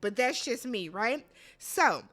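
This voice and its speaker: A woman giving a casual, slangy recap of a reality show, quoting the players in lively voices. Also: on the high side, takes it slowly, soft background music. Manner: animated, slangy, quotes people in put-on voices. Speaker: recap vlogger.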